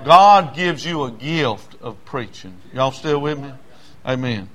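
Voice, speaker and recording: A man preaching a storytelling sermon in a folksy, repetitive way that turns loud when he is stirred. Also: mid-range voice, lively intonation, slow pace.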